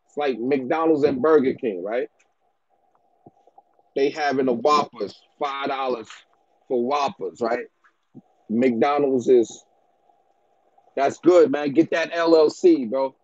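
A man's voice: mid-range voice, slow pace, pauses often, a little mellow, muffled recording. A man who breeds dogs, giving business advice in a casual rant to the camera, slangy and repetitive, often ending lines with "bro" and "man".

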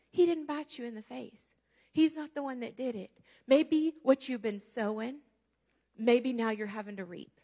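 A woman, preaching a sermon as a guest speaker and telling stories with lively rhetorical questions to the congregation. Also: high-pitched, normal speed.

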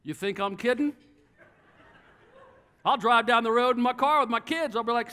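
A man with a notably high voice preaches to his congregation from the church platform. He is animated and playful, slipping into short acted-out exchanges to make his points. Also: moderate pace, long pauses. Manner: animated and joking, acts out little dialogues. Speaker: pastor. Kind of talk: sermon.

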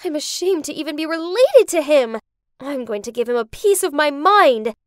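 A woman voicing Tracy, an earnest, principled young woman in an animated story. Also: very high-pitched, a little slow, dry recording, clean studio sound, full character voice. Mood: outraged.

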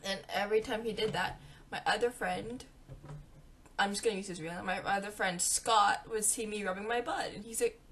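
A young woman vlogging a storytime, chatty and animated, acting out what her friends said. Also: medium pitch, normal speed, slight background noise. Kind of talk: storytime vlog.

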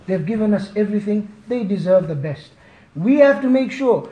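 Malawian-born male preacher, emotional sermon, high pitch, faint hiss, echoey mosque. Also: animated, normal speed, muffled recording. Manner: impassioned, pleading, rises to near shouting.

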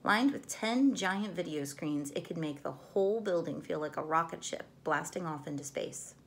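A woman's voice: low voice, lively intonation, moderate pace, a little hiss or hum. Woman reading a story to kids. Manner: gentle, clear read-aloud to children. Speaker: teacher reading aloud. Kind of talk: storybook read-aloud.

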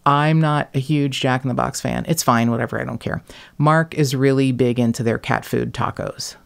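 A woman from the United States hosts a casual podcast chat. Her voice carries a gravelly fry, and she rambles in a self-mocking, joking way, with swearing here and there. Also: rumbling low, steady tone, moderate pace. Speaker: podcast host.

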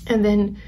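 A young woman vlogger telling a personal story in a soft, halting way that often sinks to a whisper. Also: medium pitch, slight background noise.

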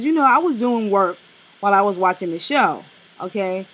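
A woman co-hosting a casual review chat, blunt and animated, with slang and profanity. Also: mid-range voice, brisk, husky, poor audio. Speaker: co-host reviewing a TV special.

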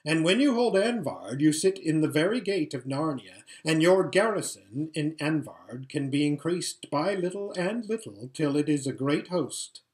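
A man's voice: fairly high pitch, lively intonation, moderate pace, hardly any pauses, close to an everyday voice. A man doing a brash, pompous young prince. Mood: eager.

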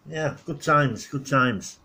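Husky middle-aged man rambling. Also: on the high side, sharp tone. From northwest England. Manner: rambling, full of "you know" and "uh", laughs at his own stories. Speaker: vlogger. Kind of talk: casual rambling reminiscence.

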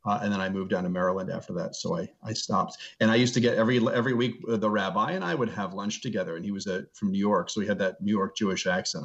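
A low-pitched middle-aged man talks over a video call, his voice dull and lo-fi. He speaks earnestly as an interview guest and tells personal stories. He slows down to stress a point. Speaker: guest, seminary professor. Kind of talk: reflective interview storytelling.

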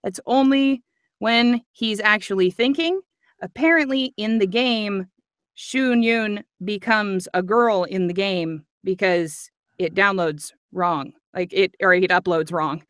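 A woman with a mid-range, slightly bright and smooth voice speaks slowly, chatting and giggling as an audiobook narrator on a casual livestream. She gets nerdy about accents. The sound is clean studio quality with no echo.

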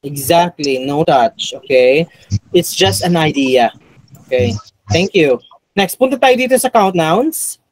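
A man's voice: on the high side, animated, measured pace, no echo, rough recording. Filipino male teacher quizzing a class. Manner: quizzing a class, mixing in Tagalog. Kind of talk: classroom review lecture.

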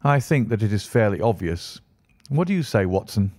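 A brisk, impatient detective, read by a man, explains his reasoning in a crisp, lecturing way. The voice sits low and mellow, recorded dry and close. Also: very animated, dry recording. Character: Sherlock Holmes, brisk, impatient male detective.

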